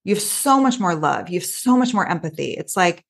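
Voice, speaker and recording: A woman coach, a guest on an interview podcast, telling stories in a quick, animated way with lots of asides. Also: fairly low pitch, vocal fry. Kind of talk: casual interview chat.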